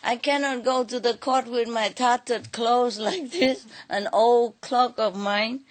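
A woman's voice: on the high side, fairly even intonation, pitched above the performer's own voice, lightly acted. A woman voicing a sly, mock-innocent trickster mullah who teases and scoffs in a told folk tale. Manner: teasing, mock-innocent, drawn-out.

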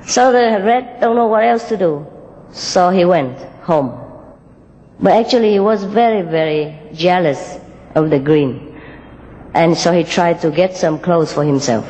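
A woman telling a moral fable and giving a spiritual talk, gently and with frequent small laughs, in loosely built English. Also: low voice, long reverb tail, low-quality recording. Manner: gentle, laughs often, unpolished English grammar.

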